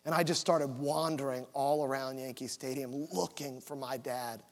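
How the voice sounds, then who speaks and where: A man's voice: medium pitch, fairly even intonation, normal speed, long reverb tail. A man pastor telling a personal story in a sermon and leading into an altar call. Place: church sanctuary.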